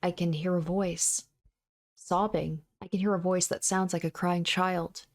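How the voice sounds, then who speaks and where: A woman narrating a visual novel aloud in a soft, steady, measured voice. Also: fairly low pitch.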